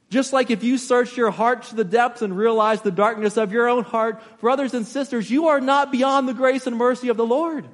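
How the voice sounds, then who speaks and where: A man with a notably high voice delivers an impassioned sermon. He keeps turning to his congregation with rhetorical questions. His words ring out with the long reverb of a large church hall. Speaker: pastor.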